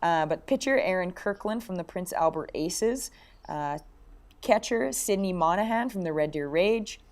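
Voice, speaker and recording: A woman's voice: fairly low pitch, animated, normal speed, a little mellow. A woman co-hosting a podcast in casual chat, chatty, with many fillers and restarts. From Canada. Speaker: podcast co-host.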